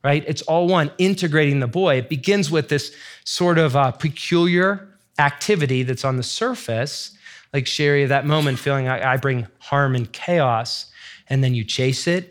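A middle-aged man giving a heartfelt teaching talk in an earnest, searching, emotional way. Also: a little high. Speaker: faith teacher sharing testimony.

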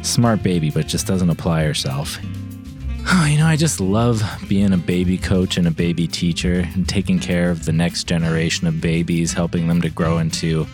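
A man voicing an earnest, anxious male coach at a school for babies in an improvised comedy sketch, who shifts into high frantic cries. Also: moderate pace, darkish tone, soft background music, natural voice. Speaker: comedy podcast co-host.

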